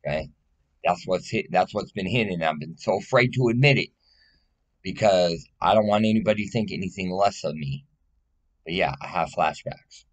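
A man's voice: sits low, moderate pace. A man speaking in a casual personal monologue, rambling and blunt, swearing often and pleading emotionally.

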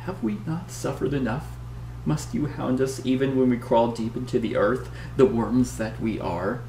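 A man's voice: medium pitch, normal speed, dark tone, echoey room, recorded from a distance, slight background noise, pitched above the performer's own voice, close to an everyday voice, low-quality recording. A man voicing a frail, wizened old woman who pleads weakly in a board game story. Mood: mournful. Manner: weak, mournful.

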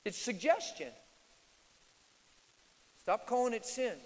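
A male preacher teaching at a live church Q&A, swinging from loud declarations to quiet asides. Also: big pitch swings, takes it slowly. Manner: emphatic, shifts from loud declarations to low asides. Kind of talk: sermon-style Q&A teaching. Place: large church hall, live audience. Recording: reverberant hall.

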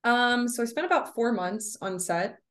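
A woman's voice: on the high side, expressive, normal speed, fairly bright tone. A young woman from the United States, an actress chatting casually as an interview guest, with lots of fillers. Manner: chatty, many fillers, laughs often.

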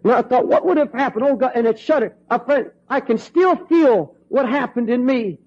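Impassioned preacher, high voice, lo-fi. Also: male voice, moderate pace, breathy edge. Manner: impassioned, swings from hushed to ringing. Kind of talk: storytelling sermon. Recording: dull lo-fi recording.

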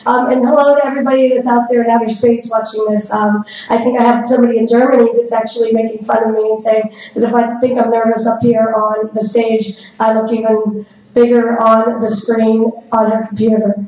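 Hoarse nervous woman speaking in echoey hall. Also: a little high, little pitch movement, warm tone. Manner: fast talker, nervous, laughs often. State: hoarse, scratchy voice. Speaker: business owner giving a conference talk. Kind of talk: live conference talk. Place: stage in a large conference hall. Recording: very echoey hall, faint noise.

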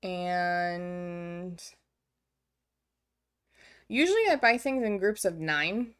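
A woman's voice: on the low side, drawn-out words, a bit bright, smooth. A young woman streaming a farming game, chatting casually and getting distracted. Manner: chatty, easily distracted, self-mocking. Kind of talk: casual gameplay commentary. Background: faint game music.

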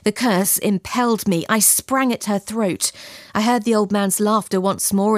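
A woman reading a gothic tale as scripted narration, in a measured, dramatic, old-fashioned storytelling manner. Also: mid-range voice, expressive, dry recording, studio quality. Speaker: audiobook narrator.

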